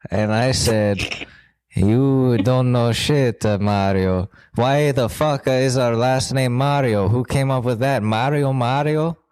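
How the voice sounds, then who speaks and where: A man's voice: medium pitch, slow pace, a little mellow, clear, resonant tone, no echo, close to an everyday voice. A crude, boastful outcast brother of two famous plumbers, as a man puts him on, talking in a put-on Mexican accent. He rambles through his bitterness in an improvised comedy bit, in a middling voice.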